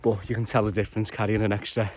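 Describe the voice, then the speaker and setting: A man's voice: on the low side, flat delivery, quick pace. A young man, chatting casually while hiking uphill and out of breath. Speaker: hiking vlogger. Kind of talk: casual outdoor vlog narration. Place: outdoors on a fell.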